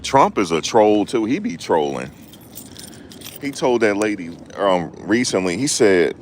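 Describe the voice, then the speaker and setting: A man's voice: low voice, sing-song, a little slow, pauses often, a little hiss or hum. A man chatting casually on a live stream as a rideshare driver, laid-back and repetitive with street slang.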